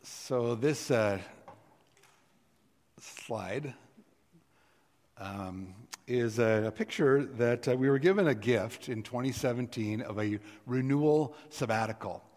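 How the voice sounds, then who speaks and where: A man's voice: mid-range voice, slow pace, a little mellow. A middle-aged man, a pastor, reading scripture and preaching a sermon in an earnest way, swelling with emphasis on key words. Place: church sanctuary. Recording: long reverb of a church sanctuary.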